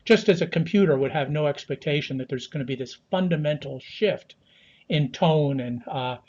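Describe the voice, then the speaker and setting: An American man answering interview questions at a measured pace, with many fillers and restarts, heard over a video call. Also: fairly high pitch, a little mellow, highs cut off. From United States. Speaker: guest analyst.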